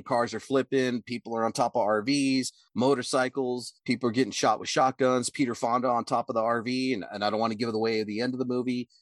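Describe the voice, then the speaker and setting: A man's voice: mid-range voice, dry recording, clean studio sound. A man co-hosting a podcast in casual, profane talk, rambling through a story and acting out quotes in a raised voice. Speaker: podcast co-host.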